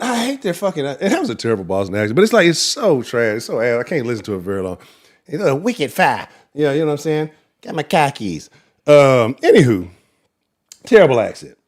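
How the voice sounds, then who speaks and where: A man hosting a live sports talk show, giving profane, animated, trash-talking commentary. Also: medium pitch. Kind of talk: casual livestream sports commentary.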